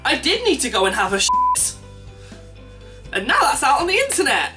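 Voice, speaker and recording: A young man telling a self-mocking anecdote for his vlog, animated and laughing at his own jokes. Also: very high voice, normal speed. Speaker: vlogger. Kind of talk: casual anecdote storytelling. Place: indoors at home. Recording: distant mic with faint background music.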